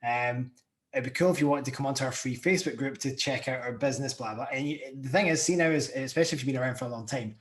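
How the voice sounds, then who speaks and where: A man from Scotland with a softened Scottish accent, hosting a casual podcast interview in an easygoing, candid way. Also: medium pitch, fast. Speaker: podcast host.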